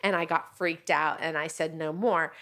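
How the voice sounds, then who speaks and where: A woman guest on a podcast, chatting casually and telling a lively story with quoted voices. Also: sits low, normal speed, creaky. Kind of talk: casual chat.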